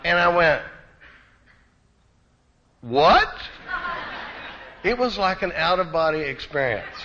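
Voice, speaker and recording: A man from Austin with a Texan accent, telling an animated, self-deprecating recovery story to a conference crowd. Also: on the high side, brisk, noisy background. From Austin, Texas. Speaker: recovery speaker. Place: conference hall. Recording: dull echoey hall recording.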